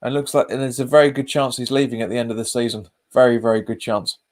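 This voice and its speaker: A man at a middling pitch talks casually through a live football watch-along. He reads out viewer comments and answers them, often saying the same phrase twice. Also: flat delivery, quick pace, a little mellow. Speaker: fan channel host.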